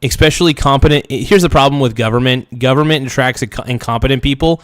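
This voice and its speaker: Male streamer host, blunt and mocking, dry close-miked sound, middle pitch. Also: fast, a bit bright, dry recording. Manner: blunt, mocking, rambling asides. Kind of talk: livestream political commentary.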